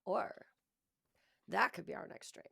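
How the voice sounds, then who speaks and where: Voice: measured pace, sharp tone, in a whisper. A podcast co-host in casual chat, giggly and easygoing, voice a bit sick. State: slightly sick voice.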